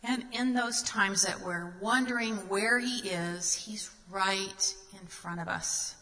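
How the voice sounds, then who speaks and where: A woman delivers a sermon in a bright, forward voice. She reads scripture aloud and turns to the listeners with earnest questions. Her words ring out with a long reverb, as if she is in a large hall. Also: mid-range voice. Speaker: guest speaker.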